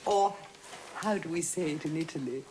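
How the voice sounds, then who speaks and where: In a period TV drama, an actress with a deep, natural voice plays a prim, scheming middle-aged spinster who lets out her house as a village hostess. She gossips at a normal pace in an arch, falsely sweet manner that turns catty. There's background noise behind her.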